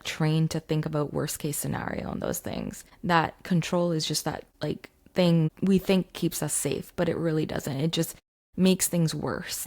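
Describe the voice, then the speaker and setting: A woman mindset coach speaks chattily to camera from her home basement, telling a story with lots of fillers. Her voice sits low with vocal fry.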